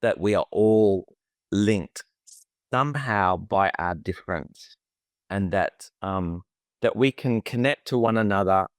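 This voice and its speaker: In a low voice, a therapist co-hosting a podcast recounts a personal story, emotive and chatty throughout. The talk is a casual conversation, captured as a dry recording with clean studio sound.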